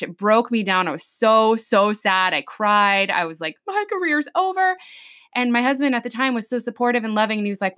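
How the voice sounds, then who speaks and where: A woman in young adulthood to middle age, talking casually on a podcast with a steady, middle-range voice. She tells her stories with lots of energy and acts out what each person said. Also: medium pitch. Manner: chatty, animated, acts out quoted voices. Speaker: podcast host and hairstylist. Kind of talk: casual storytelling chat.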